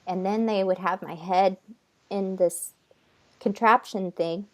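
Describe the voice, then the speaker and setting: Woman channeler, mid-range voice; halting, nervous delivery full of fillers and restarts. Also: mid-range voice, steady tone. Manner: relays an unseen being's words in her own voice. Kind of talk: casual conversation.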